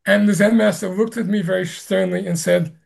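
A man, a Zen master, answering an interview question with slow, gentle storytelling and soft laughs. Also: high voice, fairly even intonation, creaky.

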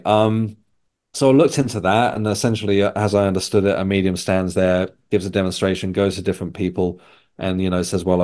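An Englishman appearing as a podcast guest tells a personal story casually, rambling and correcting himself with frequent restarts. His voice is low-pitched and a little mellow.

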